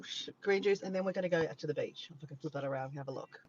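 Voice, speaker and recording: A man's voice: fairly high pitch, racing, hardly any pauses, highs cut off, background noise. Chatty Australian man vlogging from his car. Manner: chatty, rambling, easily sidetracked. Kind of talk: casual livestream chat. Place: parked car by the beach, early morning. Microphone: handheld phone camera.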